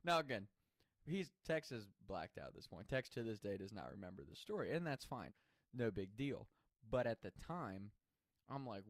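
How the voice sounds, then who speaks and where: A man's voice: on the low side, sing-song, normal speed, no echo. A man telling a personal story in a casual, chatty way, swearing freely and laughing as he goes.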